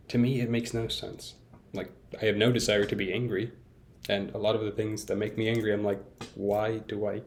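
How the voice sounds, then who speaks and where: Candid young man rambling, lowish voice. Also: slight background noise. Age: young adult. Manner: candid, rambling, self-deprecating, many fillers and restarts. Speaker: vlogger. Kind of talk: casual rambling monologue.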